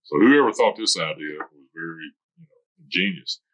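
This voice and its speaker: Older man, retired military, very low and bright voice, rambling anecdotes. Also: expressive, normal speed, rough recording. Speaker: interviewee, retired military veteran. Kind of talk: oral history interview.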